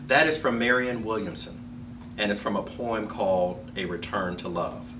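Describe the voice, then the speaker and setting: A talk show host interviewing a guest, enthusiastic and a little halting. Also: male voice, lowish voice, far from the mic, noisy background. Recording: roomy, off-mic.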